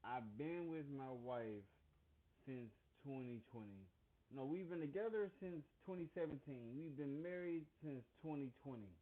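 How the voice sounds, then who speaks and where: A married man speaking slowly and earnestly in a casual monologue, sounding a little preachy. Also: mid-range voice, animated. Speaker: married man giving his view. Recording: phone-like, lo-fi audio.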